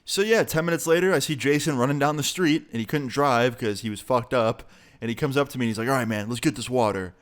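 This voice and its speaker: Young man, storytime vlog, casual, profane, mid pitch. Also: fast, a bit bright, clean tone. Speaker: YouTuber.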